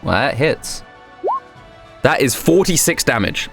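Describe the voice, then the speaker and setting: A man's voice: medium pitch, very animated, unhurried, gravelly, music in the background. A man running a tabletop game as game master, rambling with fillers and laughing often.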